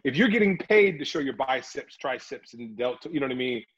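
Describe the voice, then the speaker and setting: A man's voice: mid-range voice, expressive, brisk, fairly bright tone, breathy edge, lo-fi sound. A middle-aged man, an actor, chatting animatedly in an interview and slipping into voices as he tells stories. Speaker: actor and guest. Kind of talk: casual interview storytelling.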